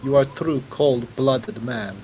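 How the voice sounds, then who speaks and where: A man's voice: mid-range voice, slow pace, background noise, close to an everyday voice. A man doing a cheesy Russian interrogator. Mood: menacing. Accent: Russian, put on. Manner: menacing, broken grammar, mock-exaggerated. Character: stern male Russian-accented captor, threatening.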